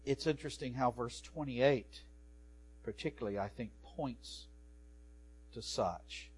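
A man, a pastor, preaching a sermon with animated swings from soft to loud. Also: mid-range voice, a little slow, breathy edge. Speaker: pastor and professor.

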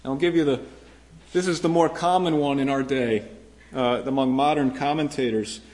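A man's voice: medium pitch, fairly even intonation, moderate pace, a little mellow. A male pastor preaching a sermon to his congregation, earnest and emphatic, often repeating phrases and lifting his voice when he quotes a promise.

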